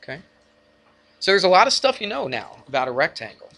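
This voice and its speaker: Bright-voiced man teaching math class. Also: on the high side, fast talker. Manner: energetic, asks the class questions often. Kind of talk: classroom lecture.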